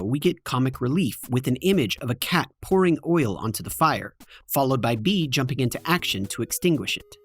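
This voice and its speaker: A man hosting a scripted video essay, narrating with wry, joking asides. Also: mid-range voice. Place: home basement in front of green screen.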